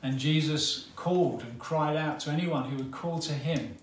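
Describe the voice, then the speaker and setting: A male preacher giving a sermon, retelling a story dramatically with long pauses. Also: fairly high pitch, slight background noise. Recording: roomy hall, mic at a distance, faint ambience.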